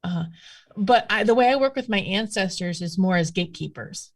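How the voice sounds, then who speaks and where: In a casual conversation, a guest who practices witchcraft spins animated stories in a chatty, rambling manner, dropping in lots of fillers. Her voice is medium-pitched and her speed normal.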